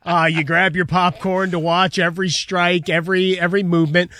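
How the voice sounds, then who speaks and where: Male co-host, dry teasing delivery, slightly high voice, close dry sound. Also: little pitch movement, brisk, pushed and bright, no room sound. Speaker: sports show co-host. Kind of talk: casual sports talk.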